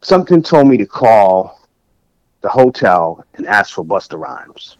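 A man's voice: lowish voice, unhurried, no echo, poor audio. A middle-aged man from Massachusetts, a music producer telling stories in a casual interview. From New Bedford, Massachusetts. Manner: animated, acts out dialogue. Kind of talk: storytelling in casual conversation.

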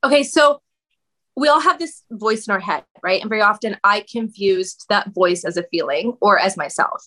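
Bright, animated woman talking candidly. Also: mid-range voice. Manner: animated, expressive, quick bursts of speech. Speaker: podcast guest. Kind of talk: candid conversational interview.

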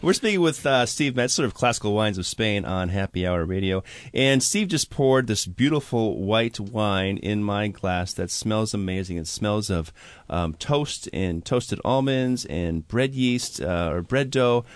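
A man's voice: fairly low pitch, expressive, unhurried, no room sound. A man hosting a radio show, asking curious, enthusiastic questions. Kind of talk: radio interview. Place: radio studio.

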